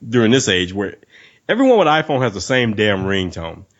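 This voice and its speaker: A man's voice: fairly low pitch, brisk. A man hosting a casual podcast chat, telling stories animatedly, acting out quoted lines, laughing and swearing casually. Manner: animated storyteller who acts out quoted lines. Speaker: podcast host. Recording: dull lo-fi podcast audio.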